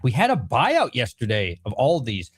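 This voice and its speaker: A man's voice: medium pitch, huge pitch swings, moderate pace, slightly rough, no room sound, studio quality. A man casually running through card products on a live stream, chatty and rambling, correcting himself as he goes. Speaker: Pokemon card seller streaming.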